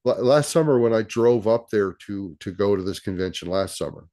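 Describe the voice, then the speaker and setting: Brief male guest, fairly low voice, casual, stop-start explainer. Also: expressive, fairly quick, dark tone. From Canada. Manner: repeats words and restarts while explaining. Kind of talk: casual conversation.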